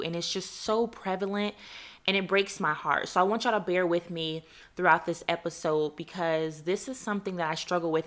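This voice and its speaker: A woman's voice: fairly low pitch, a bit bright. A young adult woman from the United States hosting a heartfelt faith podcast, speaking earnestly and close to tears, calling her listeners y'all. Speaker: podcast host.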